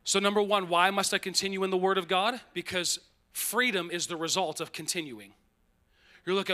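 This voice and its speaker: This man's sermon is lively and forceful, delivered in a high voice. Key phrases get a slower, deliberate treatment, and he adds playful side remarks.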